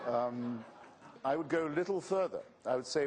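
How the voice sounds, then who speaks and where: A man, an author, answering an audience question in a debate with sardonic, forceful wit. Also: mid-range voice, expressive, normal speed, noisy background. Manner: sardonic, witty, forceful rhetoric.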